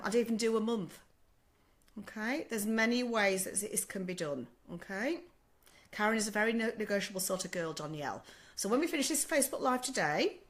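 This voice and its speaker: An older Australian woman talks through a casual live-stream Q&A in a warm, motherly, chatty way. She keeps checking in with "okay?" and calls people "love". Her voice still sounds a little rough as it recovers from a sore throat. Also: mid-range voice. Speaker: sleep consultant answering live questions.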